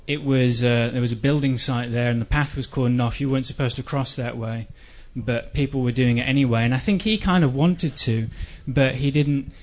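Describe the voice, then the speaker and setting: A man with an English accent delivering a dry, rambling, self-deprecating comic monologue that breaks into shouted outbursts. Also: medium pitch. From England. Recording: dull lo-fi recording.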